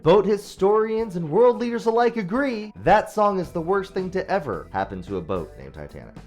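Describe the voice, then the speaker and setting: A man delivering a scripted comedy monologue, deadpan jokes between quick silly voices. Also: high voice, soft background music. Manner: deadpan jokey delivery with sudden character voices. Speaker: comedy host.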